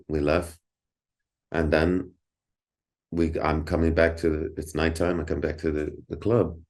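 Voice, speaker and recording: A middle-aged man, a podcast guest, telling a story in casual talk, animated and repeating words, laughing often. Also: extremely low pitch.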